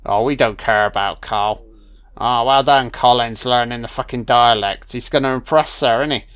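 Brief: male film commentator, mid-pitched, sarcastic and foul-mouthed. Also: moderate pace, fairly bright tone, smooth, no echo. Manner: sarcastic, heavy swearing, irreverent. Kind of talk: casual profane movie commentary.

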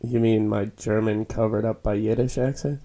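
A man in his thirties co-hosting a casual podcast, tossing off dry deadpan one-liners and swearing. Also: lowish voice, moderate pace. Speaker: podcast co-host. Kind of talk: casual joking chat.

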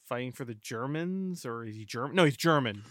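A man's voice: mid-range voice, expressive, brisk, dry recording, clean studio sound. A man hosting a podcast, meandering through a casual film discussion with lots of hedging and fillers. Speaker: podcast host.

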